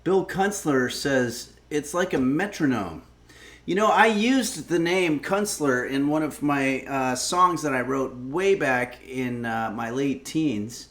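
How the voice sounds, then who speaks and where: A man's voice: mid-range voice, takes it slowly, fairly bright tone. A man hosting a casual cooking livestream, rambling and wry, swearing when irritated. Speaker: cooking stream host.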